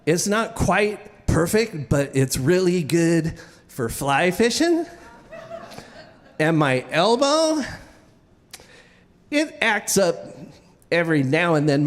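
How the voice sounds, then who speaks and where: Male live storyteller, wry and self-deprecating; high, lively voice, reverberant hall. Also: takes it slowly. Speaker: featured storyteller. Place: stage at a live venue.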